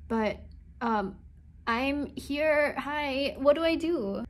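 A young Singaporean woman vlogs from a small hotel room, chatting casually on a handheld phone in an upbeat, rambling video diary. Her voice is high-pitched and animated, with drawn-out words.

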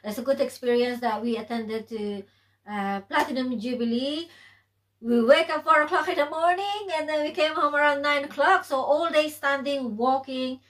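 A woman's voice: sits high, moderate pace, a bit bright, poor audio. A woman from the Philippines, chatting casually on a vlog and often restarting her sentences. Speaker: vlog co-host. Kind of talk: casual chat to camera.

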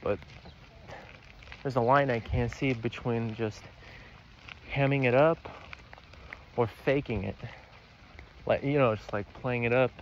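A man's voice: mid-range voice, measured pace, pauses often. A young man talking to camera on a walk outdoors, rambling and confessional, self-deprecating and swearing often. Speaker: vlogger. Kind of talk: rambling walk-and-talk vlog. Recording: muffled outdoor recording with loud ambient noise.

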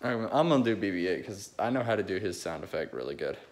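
Young man, low-ish voice, rambling amateur impressionist, phone recording. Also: sing-song, fast talker. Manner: rambling, restarts often, eager. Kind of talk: casual chat between impressions.

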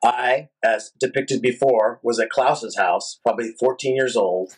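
A rock singer guest telling a long, animated, profane story in a casual interview. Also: male voice, medium pitch, a little slow, husky, low-quality recording. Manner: animated, profane, rambling anecdotes.

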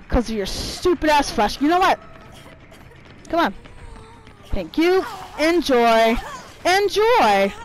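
A woman narrates her gameplay live, swearing and grumbling at the other players. Her voice sits a bit high and swings widely in pitch. She talks at an unhurried pace. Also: low-quality recording. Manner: profane, irritated trash talk at opponents. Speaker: gameplay streamer.

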